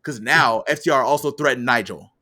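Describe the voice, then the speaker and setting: A man with a bright, forceful tone talks through last night's wrestling show in a loose, rambling way. He co-hosts a casual podcast and tells events as a story. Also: medium pitch, brisk. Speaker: podcast co-host. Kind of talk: casual wrestling recap chat.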